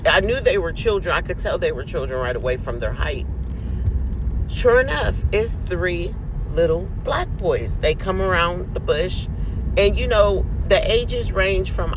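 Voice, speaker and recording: A man's voice: high-pitched, background noise. A man telling a personal story in a casual, chatty way, speaking straight to the audience.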